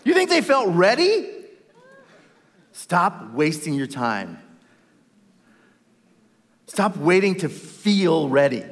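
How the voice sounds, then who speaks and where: A middle-aged man preaches a sermon to a live congregation. His voice is high and very animated, and it leaps up and down as he acts out the quoted voices. It is recorded in a large church hall with a long, ringing reverb. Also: slow, long pauses. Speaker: pastor.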